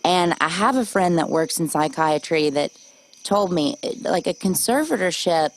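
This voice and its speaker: Woman, lowish voice, podcast host, casual chat, animated, swears. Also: moderate pace, poor audio. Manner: chatty, swearing, animated storytelling.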